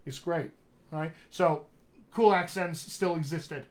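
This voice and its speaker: Male dialect coach, chatty and emphatic, slightly raised pitch, live online lesson. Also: steady tone, measured pace, darkish tone. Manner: opinionated, conversational, emphatic. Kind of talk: live-streamed accent lesson.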